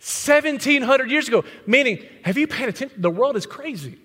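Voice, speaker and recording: This pastor's voice is very high, animated, a bit bright, and fairly quick. Speaking bluntly and conversationally to the congregation in the church sanctuary, he fires off rhetorical questions, with long hall reverb on the recording.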